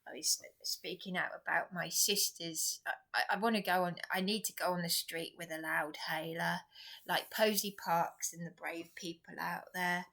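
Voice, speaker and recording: Impassioned English woman, low bright voice. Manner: impassioned, rambling, urgent. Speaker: vlogger. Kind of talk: personal vlog monologue.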